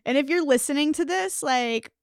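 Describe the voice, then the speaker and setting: A woman's voice: high-pitched, normal speed, vocal fry, no echo, studio quality. A young adult woman hosting a podcast in casual chat, talking enthusiastically and filling her speech with "like.". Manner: enthusiastic, heavy use of "like". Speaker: podcast host.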